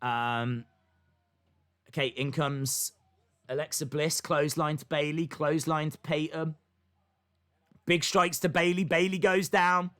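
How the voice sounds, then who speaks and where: A man's voice: a little high, fairly even intonation, a little slow, pauses often, fairly bright tone. A young man hosting a live wrestling watch-along, calling the action and reading chat comments aloud. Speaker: wrestling stream host.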